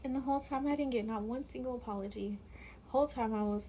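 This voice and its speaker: A woman tells a personal story in casual chat, saying "like" constantly and dropping to a whisper whenever she quotes someone. Her voice is a little high and quick with a dark tone, over slight hiss or hum.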